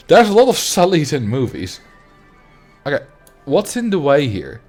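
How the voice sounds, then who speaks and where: A man's voice: a little high, big pitch swings, moderate pace, a little mellow, soft background music. A young adult man streaming a game, chatting casually and rambling as he answers his viewers. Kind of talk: casual livestream chat while playing.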